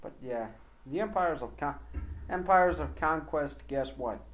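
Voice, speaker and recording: An American man talks slowly and loosely on a livestream, rambling from one point to the next. He slips into broken French and Dutch at times. The room gives his voice a clear echo. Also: fairly high pitch, a bit bright. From United States. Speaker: livestream host. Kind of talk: casual livestream chat.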